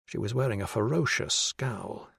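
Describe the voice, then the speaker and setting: A man narrating a crime thriller audiobook in an even, measured way. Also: fairly low pitch, gravelly, breathy edge, dry recording, studio quality.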